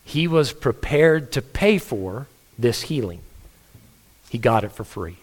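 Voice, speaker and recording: Casting: male pastor, mid-pitched voice, earnest conversational sermon delivery, storytelling. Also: animated, slow pace, slightly rough.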